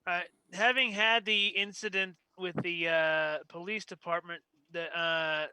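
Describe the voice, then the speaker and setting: A man's voice: high-pitched, fairly even intonation, unhurried, pushed and bright, clean tone, no echo, poor audio. A man playing a tabletop role-playing game, explaining his moves in a hesitant, thinking-aloud way. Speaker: player. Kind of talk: casual tabletop game play.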